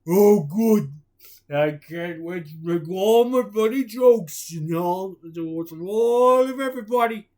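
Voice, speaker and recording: Someone doing Patrick, a dopey slow starfish. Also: mid-range voice, dark tone, natural voice. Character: dim-witted happy male starfish.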